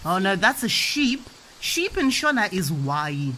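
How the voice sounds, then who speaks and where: A woman's voice: mid-range voice, very animated, unhurried, pushed and bright, slight background noise. A young adult woman, a mother playfully teaching her child words with toys, sing-song and making animal sounds. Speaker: parent teaching Shona words.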